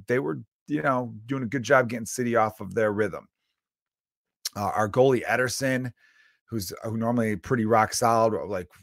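A man hosting a comedy podcast, telling a long profane story in an animated, casual rant and acting out his own inner voice. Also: medium pitch, no room sound, studio quality.

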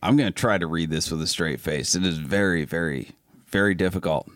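A man's voice: low voice, a little fast, no echo, studio quality. A man co-hosting a casual car podcast, talking in an easygoing, jokey way and laughing as he reads. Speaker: podcast co-host.

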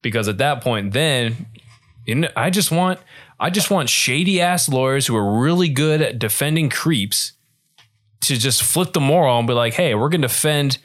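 Young man, podcast co-host, casual chat, profane, animated, mid-pitched voice. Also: normal speed. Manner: animated, swears freely, ranting.

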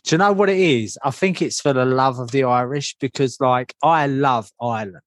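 A man's voice: medium pitch, moderate pace, no room sound. A man co-hosting a podcast, chatting casually in an easygoing, agreeable way. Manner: easygoing, agreeable, laughs along. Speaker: podcast co-host. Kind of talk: casual chat.

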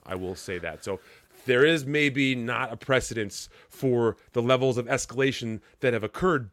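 A man's voice: mid-range voice, a bit bright, no echo, studio quality. Profane, rambling podcast co-host man. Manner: profane, rambling, laughs often. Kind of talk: casual podcast banter.

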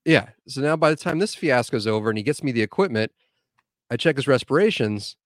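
A man guesting on a podcast as a medic, telling a story in casual, animated chat with plenty of swearing. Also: mid-range voice, a little fast, no room sound, studio quality.

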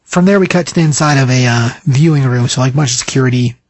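A man's voice: mid-range voice, quick pace, dry recording. Rambling man recapping a comic. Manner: rambling, filler-heavy. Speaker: comic book reviewer.

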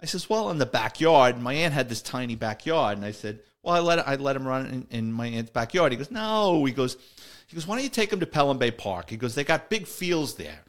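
A middle-aged man from the Bronx with a New York accent, a retired detective telling a story in a lively, salty way and acting out the dialogue. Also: mid-range voice, fairly quick. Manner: animated, swearing, acts out dialogue. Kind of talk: casual storytelling.

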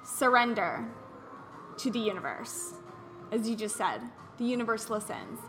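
High, bright-voiced animated woman host. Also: a little slow, soft background music. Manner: animated storyteller who acts out quotes. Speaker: podcast host. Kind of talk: casual wellness podcast chat.

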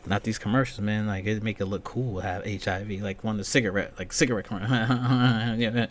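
A man's voice: fairly low pitch, steady tone, a little fast, hardly any pauses. A man hosting his own podcast, telling a rambling, profane story in a casual monologue. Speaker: podcast host.

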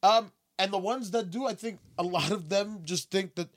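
A man's voice: sits high, normal speed, no echo. A young man co-hosting a podcast, talking politics with sarcasm, swearing and lots of fillers. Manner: profane, sarcastic, trailing off with fillers. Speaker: podcast co-host. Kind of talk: casual political chat.

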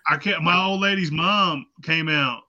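Bright, profane laughing storyteller man. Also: a little high, a little slow. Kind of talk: casual storytelling. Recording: muffled lo-fi sound.

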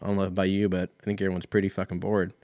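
Man, deep voice, dry close sound, rambling profane solo rant. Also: monotone, racing, a little mellow, no room sound. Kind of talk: casual solo comedic rant.

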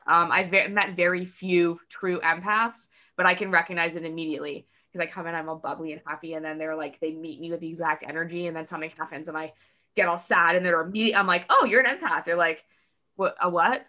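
Bright-voiced chatty woman on a podcast. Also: lowish voice, fast talker. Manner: chatty, acts out quotes in lively voices; many "like" fillers. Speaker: podcast guest. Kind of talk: casual podcast conversation.

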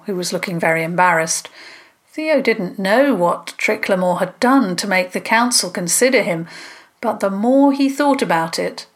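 A woman, a storyteller, narrating a scripted children's story calmly and clearly. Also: medium pitch.

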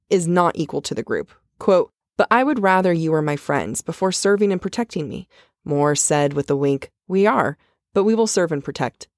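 A woman's voice: lowish voice, no echo, studio quality. A woman with a Californian accent co-hosting a casual book podcast, chatty and playful, with self-deprecating jokes. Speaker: podcast co-host.

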